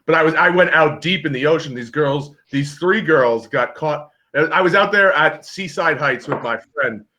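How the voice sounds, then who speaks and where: On a casual video call, a young man tells a story with animated energy, acting out the voices of the people involved. His voice is a little high and his pace moderate.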